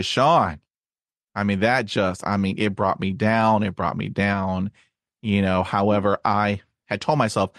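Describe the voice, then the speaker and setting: A man who stutters, hosting a podcast and sharing his own experience in a halting way, with many fillers and repeated words. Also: on the low side, fairly even intonation, a bit bright, dry recording, clean studio sound. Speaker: podcast host. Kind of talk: casual conversation.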